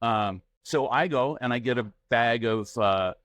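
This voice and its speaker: A middle-aged man co-hosting a podcast in casual chat. He tells a family story and acts out each line of dialogue, in a plain, mid-pitched voice. The sound is close and dry, with no room around it. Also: a little slow, fairly bright tone, dry recording. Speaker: podcast co-host.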